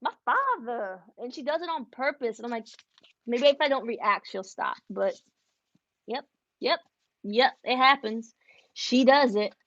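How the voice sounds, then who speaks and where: A chatty middle-aged woman talks to her live-stream viewers while she works, her voice pitched a little high. The sound is dull and dry, like a lo-fi stream recorded close up with no room echo. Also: unhurried, pauses often, fairly bright tone. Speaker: embroidery business owner hosting a live stream. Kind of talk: casual live-stream chat while working. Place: home craft studio.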